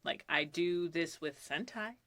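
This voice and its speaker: A woman's voice: lowish voice, a little slow, bright, forceful tone, no echo. A woman voice actor chatting casually on a podcast, telling a story and acting out the quoted lines, with some swearing. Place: recording booth. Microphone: studio mic.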